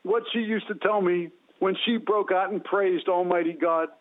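A guest with a high voice, fairly even intonation, and moderate pace gives a fervent testimony by phone, the line sounding tinny. Preacherly and repetitive in phrasing, he goes on to lead a prayer.

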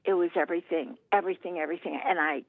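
A woman's voice: on the low side, fairly even intonation, rapid-fire, dry recording, phone-quality sound. A woman in her eighties from Missouri, telling her faith testimony as an interview guest in an earnest storytelling way. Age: 80s. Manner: earnest storyteller, acts out quoted voices.

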